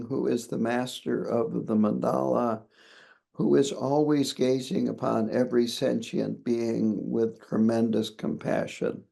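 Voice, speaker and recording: A man, a Buddhist lama, explaining a scripture line by line in a measured, pausing way. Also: mid-range voice, creaky, warm tone, slightly rough. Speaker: Buddhist lama teaching a text. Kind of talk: commentary on a scripture.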